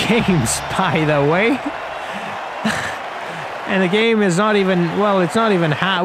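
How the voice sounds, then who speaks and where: A young man talks his way through a cricket video game in a loose, chatty play-by-play, jumping up in excitement when a big shot lands. His voice sits a little high for a man. A loud stadium crowd and clear game noise run underneath. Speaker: gaming commentator.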